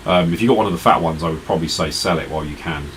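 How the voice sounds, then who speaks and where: A man's voice: low-pitched, very fast, fairly bright tone, slight background noise, low-quality recording. A tired man streaming retro games, chatting casually and rambling to his viewers. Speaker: retro gaming live streamer. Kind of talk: casual live-stream chat.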